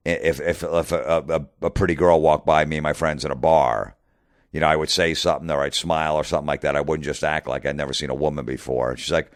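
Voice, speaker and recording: Middle-aged new guy ranting about stuff, super low voice, swears a lot, dry close sound. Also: fast, no echo. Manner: profane, exasperated, re-enacts conversations. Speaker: comedian podcast host. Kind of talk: ranting monologue.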